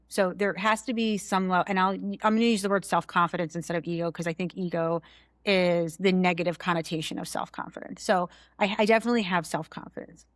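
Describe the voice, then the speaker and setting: A young adult woman guest, a finance executive, chatting candidly in a studio interview, telling stories with lively asides. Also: on the low side, no echo. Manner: candid, animated storyteller. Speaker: guest, chief financial officer. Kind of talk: casual interview chat.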